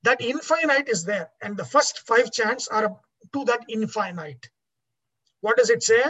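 A woman's voice: fairly high pitch, fairly bright tone, slightly rough, rough recording. A woman teaching a class on Vedic chanting, explaining patiently with many fillers.

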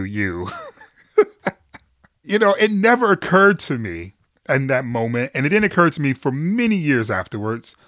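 A man's voice: mid-range voice, a bit bright, dry recording, clean studio sound. A middle-aged man speaking as a podcast guest, telling personal stories candidly and earnestly, laughing easily and swearing casually. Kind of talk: candid conversational storytelling.

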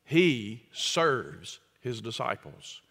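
A man's voice: medium pitch, big pitch swings, drawn-out words, gravelly, bright, forceful tone, long reverb tail. A man preaching a sermon as pastor, emphatic, often acting out quoted lines and chuckling at his own jokes.

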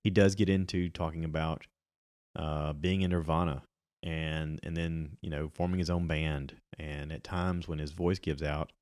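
A man's voice: a bass voice, little pitch movement, normal speed, a little mellow, no room sound, clean studio sound. A middle-aged man chatting casually on his own about movies and podcasts, rambling with many ums and restarts.

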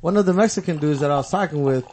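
A man's voice: on the high side, racing, a little mellow. A man on a podcast telling a long story in casual chat, profane, acting out other people's lines. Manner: profane, tells stories with acted-out quotes. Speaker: podcast co-host. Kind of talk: casual storytelling among friends.

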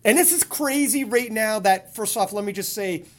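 Chatty excited podcast host. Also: mid-range voice, moderate pace, faint music behind. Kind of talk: casual interview talk.

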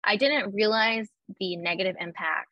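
A woman's voice: medium pitch, moderate pace, dry recording, dull audio. A young woman chatting casually and telling personal stories, full of "like" fillers and acting out her own quotes. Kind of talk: casual chat.

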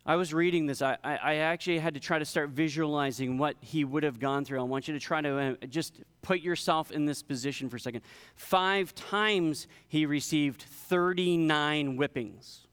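Male pastor, fairly high, smooth resonant voice, emphatic sermon delivery in a large echoing hall. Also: fairly even intonation. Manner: preaching, building in intensity and slowing for emphasis.

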